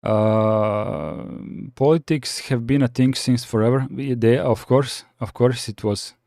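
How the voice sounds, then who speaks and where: A man's voice: medium pitch, fairly even intonation, unhurried, vocal fry, warm tone, dry recording, studio quality. A man from the Balkans hosting a casual live chat, reading viewer comments and answering with many restarts and fillers. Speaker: livestream host reading chat.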